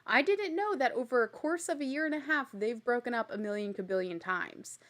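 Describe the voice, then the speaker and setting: A woman hosting a recap show, telling the story in a chatty, blunt way with casual swearing and animated exasperation. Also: fairly high pitch, fairly quick. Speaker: podcast host recapping a reality show.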